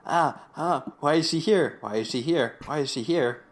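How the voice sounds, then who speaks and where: A man imitating a panicky, know-it-all young man from a radio drama in shrill, excited outbursts. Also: normal speed, close to an everyday voice. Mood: panicked.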